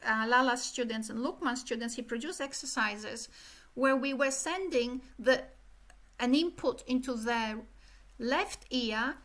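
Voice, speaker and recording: Woman, high voice, middle-aged, animated keynote lecture, rhythmic vocal demonstrations. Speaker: keynote speaker. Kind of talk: academic conference lecture.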